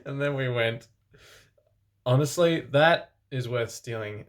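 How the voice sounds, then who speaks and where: Man reading fan fiction with deadpan asides. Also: medium pitch, slow. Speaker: reader and host.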